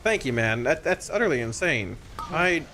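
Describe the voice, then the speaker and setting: An excitable male streamer with a fairly high voice that swings up and down a lot, talking casually to his chat. He stumbles over his words and repeats phrases when worked up, and a faint hum of background noise sits under his voice. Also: normal speed. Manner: excitable, stammering, repeats himself. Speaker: game streamer. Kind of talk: casual live-stream commentary.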